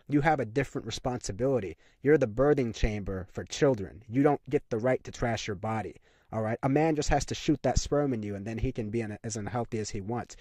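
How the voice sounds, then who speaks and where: A young man talking straight to camera in a heated, insistent rant, hammering the same points again and again with plenty of "you know" and "like". His voice sits at an ordinary middle pitch. The recording is dry and close, with no room sound at all. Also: warm tone, no echo. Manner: emphatic, repetitive ranting with frequent fillers. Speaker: commentary channel host. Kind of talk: opinionated monologue to camera.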